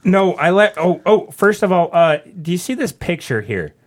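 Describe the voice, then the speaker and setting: Young man, slightly high voice, crude and ranting, telling a bar story in a casual podcast chat. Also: moderate pace. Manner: profane, ranting, animated storyteller.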